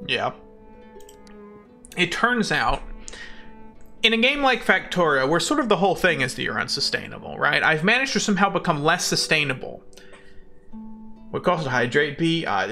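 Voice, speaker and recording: Lively, gravelly-edged game streamer. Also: medium pitch, a little slow, pauses often, faint music behind. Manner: rambling, jokey and self-mocking, laughs often; mock-dramatic outbursts. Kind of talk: casual live game streaming.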